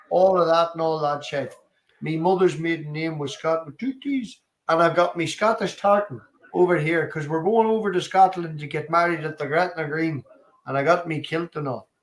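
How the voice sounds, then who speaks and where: Teasing Northern Irish man, echoey room. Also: fairly high pitch. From Northern Ireland. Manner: teasing, crude, laughing. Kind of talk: casual banter on a group call.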